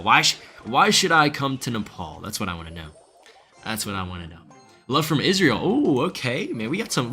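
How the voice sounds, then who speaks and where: Young male streamer, bright voice, lowish pitch, faint music under it, casual and excitable. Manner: casual, excitable, chats with viewers. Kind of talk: live gameplay commentary.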